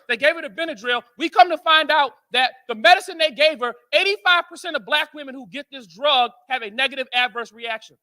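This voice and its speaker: An American man speaking at a men's conference, telling stories to a live audience in an animated, joking way and asking the crowd questions. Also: extremely high pitch, fast. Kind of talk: storytelling talk to a live audience.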